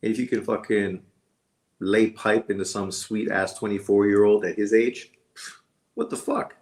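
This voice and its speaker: A man's voice: fairly low pitch, normal speed, a little mellow. A man hosting a live boxing watch-along stream, talking casually in a blunt, crude way and swearing often. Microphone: streaming setup. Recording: roomy echo with faint background noise.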